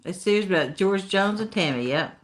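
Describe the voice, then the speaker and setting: Lively intonation and a slightly fast pace mark this medium-pitched woman's voice. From Tennessee, she hosts a casual stream in an Appalachian accent, reading the chat with folksy talk and plenty of laughter.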